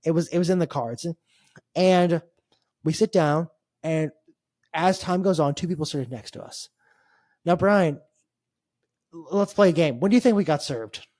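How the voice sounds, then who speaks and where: A man tells a long-winded travel story on a casual podcast. He rambles and restarts, wry and a little exasperated, and his voice sits a bit high for a man. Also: normal speed, long pauses, a little mellow, no echo, clean studio sound. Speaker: podcast co-host. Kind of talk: casual chat.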